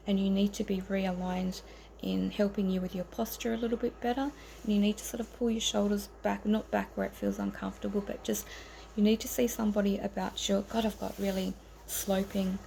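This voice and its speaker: A woman's voice: mid-range voice, creaky, darkish tone, a little hiss or hum, low-quality recording. A woman giving an informal tarot reading to camera, earnest and rambling, with frequent ums and self-corrections. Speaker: tarot reader.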